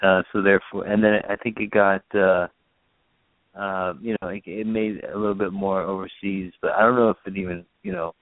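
Guy hosting a movie podcast, lots of uhs and ums, lowish voice, dry tinny phone-like sound. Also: normal speed, vocal fry, no room sound. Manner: hesitant, lots of uh and um. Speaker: podcast host. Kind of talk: casual movie review chat.

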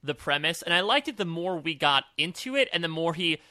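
A man co-hosting a podcast, talking casually and in an upbeat, animated way about comedy sketches, often laughing. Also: a little high, fairly quick, no room sound. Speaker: podcast co-host. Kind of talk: casual review chat.

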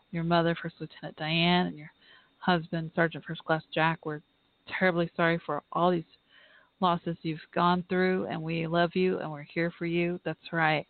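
A woman's voice: low-pitched, dry recording. Earnest woman host on a tinny line. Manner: earnest, heartfelt, halting. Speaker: podcast host. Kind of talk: live podcast talk and reading aloud. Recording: tinny phone-line audio, dry.

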